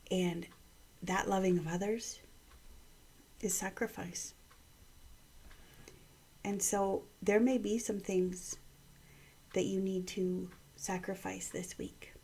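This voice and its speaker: A woman in her thirties from Canada gives a morning devotional vlog, speaking quietly in a half-whisper so her upset child down the hall can't hear. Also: medium pitch, steady tone, slow pace, pauses often, breathy edge. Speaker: mother giving a morning devotional. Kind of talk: hushed personal vlog devotional.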